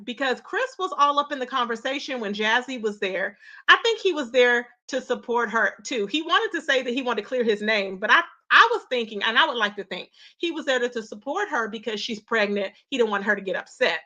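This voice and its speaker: A woman hosting a casual live-stream gossip chat, animated and full of loud exclamations. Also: on the high side, normal speed, muffled recording.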